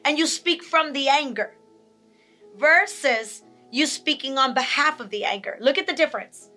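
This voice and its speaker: A woman's voice: high voice, moderate pace, bright, forceful tone, faint music behind. A woman giving a teaching talk on handling emotions, repeating key points and acting out angry and sad examples. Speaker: speaker on emotional health.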